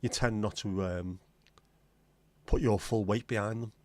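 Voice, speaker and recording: A man's voice: on the low side, steady tone, a little slow, a little mellow, dry recording. A man with a Scouse accent, hosting a livestream in casual, blunt, sweary banter with his viewers. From Liverpool, England. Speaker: livestream host.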